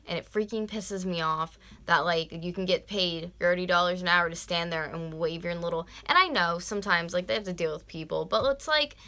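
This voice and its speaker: A woman's voice: on the low side, brisk, hardly any pauses, sharp tone. A woman in her twenties from North America, chatting casually on a live stream, ranting and swearing with lots of "like" and dropping to whispers at times. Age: 20s. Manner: ranting, swears freely, fillers like "like". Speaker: vlogger.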